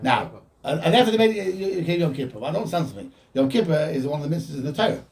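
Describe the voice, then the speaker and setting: Man, rabbi, informal Torah lecture, quotes Hebrew and explains, fairly high voice, distant mic. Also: rapid-fire. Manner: animated, quotes Hebrew texts then explains in English. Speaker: rabbi teaching a Torah class.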